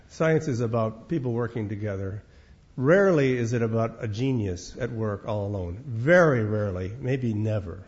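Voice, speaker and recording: An older man from Minnesota tells stories in a lecture, wry and unhurried, often repeating words as he goes. His voice sits at a middle pitch. The recording is dull and lo-fi. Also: a little mellow. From Minnesota, United States. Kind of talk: storytelling lecture.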